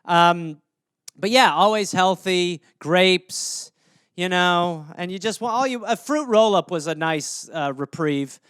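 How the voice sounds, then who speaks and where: A man's voice: sits high, slow pace, fairly bright tone, smooth, no room sound, studio quality. A man hosting a solo comedy podcast, rambling through jokes and poking fun at himself. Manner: rambling, self-mocking jokes. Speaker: podcast host.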